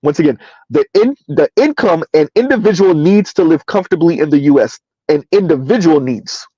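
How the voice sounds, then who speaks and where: A man hosting a casual livestream, reading numbers aloud and answering his chat in a relaxed, chatty way. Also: a little high, normal speed, breathy edge, no room sound, muffled recording. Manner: casual, chatty, addresses listeners as y'all. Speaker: livestream host.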